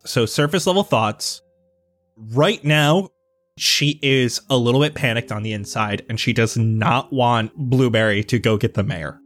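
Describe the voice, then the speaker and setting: A man's voice: medium pitch, a little slow, a bit bright. Man running a tabletop game. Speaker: game master.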